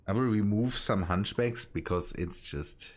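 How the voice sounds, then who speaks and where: A man streaming a building game, chatting casually with teammates and often restarting his sentences as he plays. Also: fairly low pitch. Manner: halting, restarts phrases while busy. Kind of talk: casual gaming chat.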